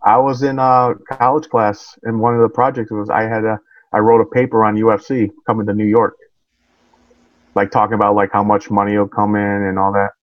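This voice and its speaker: A man's voice: on the low side, little pitch movement, fairly quick, no room sound, highs cut off. A man who is a guest on a podcast, chatting casually in a plain, somewhat hesitant way.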